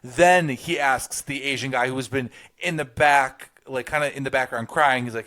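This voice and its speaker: A man's voice: medium pitch, normal speed, hardly any pauses, pushed and bright. A man co-hosting a podcast, walking through a movie scene step by step and quoting the characters. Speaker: podcast co-host. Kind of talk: casual film review chat.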